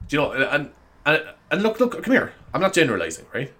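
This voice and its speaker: A man's voice: a little high, huge pitch swings, normal speed, sharp tone. An Irish man hosting a podcast, rambling and joking in a casual comedic monologue, swearing and laughing as he goes. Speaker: podcast host.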